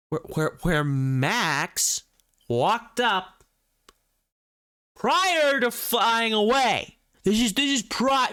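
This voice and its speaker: A man's voice: sits high, fairly bright tone, smooth, dry recording. Goofy, rambling male streamer. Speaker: video game streamer. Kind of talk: casual gaming commentary.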